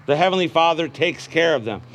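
Bright high-voiced male preacher. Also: expressive, brisk. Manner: folksy storytelling, calls out "Amen?" to the congregation. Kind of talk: sermon.

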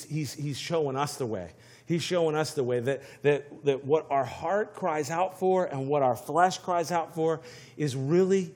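A male preacher with a notably high voice delivers a sermon with emphasis, circling back to repeat phrases. He sounds earnest and engaged with his listeners. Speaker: pastor.

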